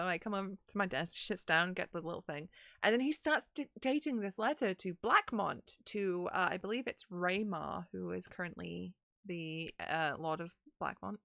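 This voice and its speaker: A woman's voice: fairly low pitch, normal speed, creaky, sharp tone, dry recording, clean studio sound. A woman recapping her roleplaying game in casual chat, telling the story animatedly with lots of fillers.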